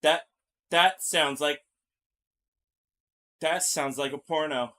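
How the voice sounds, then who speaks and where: A game streamer doing live let's-play commentary, laughing often and bursting out with loud jokes and reactions. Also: mid-range voice, steady tone, slow pace. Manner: laughing, loud joking outbursts.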